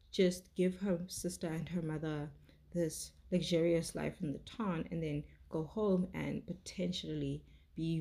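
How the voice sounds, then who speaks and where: Chatty young woman with a gravelly voice. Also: low-pitched, warm tone. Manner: chatty and effusive, with many "like"s. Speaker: TV show reviewer. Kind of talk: casual review chat.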